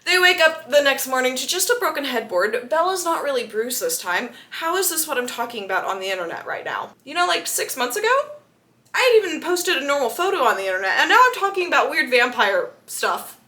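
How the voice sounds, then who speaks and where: A woman book vlogger giving a casual, sarcastic and animated retelling of a novel. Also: high voice, brisk. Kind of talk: casual book recap vlog.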